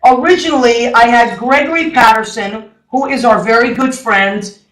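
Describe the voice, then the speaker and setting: A woman's voice: on the high side, moderate pace. Chatty woman radio host, exclamations throughout; echoey studio room. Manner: chatty storyteller with lively exclamations. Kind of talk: casual chat.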